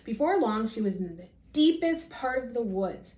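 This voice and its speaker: A woman teacher reading a children's story aloud, expressive and animated. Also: fairly high pitch, moderate pace. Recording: roomy echo.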